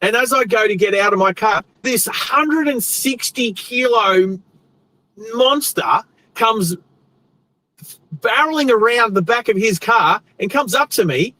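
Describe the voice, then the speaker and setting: An Australian man hosting a show, telling a rambling, animated story with restarts while he drives his car. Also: high voice, moderate pace, low-quality recording. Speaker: host. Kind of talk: casual storytelling while driving. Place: inside a car on the road.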